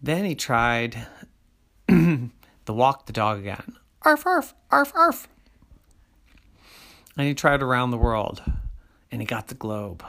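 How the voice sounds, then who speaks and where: A storyteller telling a children's story in a slow, sing-song way, dropping to soft asides. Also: mid-range voice, creaky.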